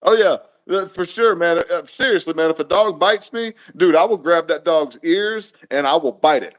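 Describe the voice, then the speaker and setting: A man's voice: fairly high pitch, moderate pace. A man co-hosting a podcast, talking in a blunt, emphatic, joking way in casual chat. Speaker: podcast co-host.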